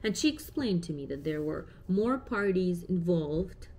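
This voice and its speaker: A woman's voice: fairly low pitch, lively intonation, a little slow, a little mellow, slight background noise. A woman in her thirties, a parent vlogger talking casually and reflectively to camera with many fillers.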